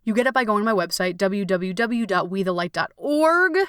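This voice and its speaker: A woman's voice: mid-range voice, expressive, a little fast, fairly bright tone, clear, resonant tone, no room sound, clean studio sound. A young adult woman hosting a podcast, talking casually and expressively, swearing freely and acting out her inner voices. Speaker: podcast host and coach. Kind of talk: casual solo podcast monologue.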